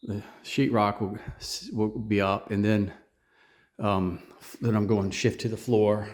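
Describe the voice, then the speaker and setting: A man's voice: on the low side, steady tone, takes it slowly, a little mellow, roomy sound. A man talking to the camera while he works on his house renovation, thinking aloud in a rambling way and restarting his words. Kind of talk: on-site vlog talk to camera. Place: indoors in a house under renovation.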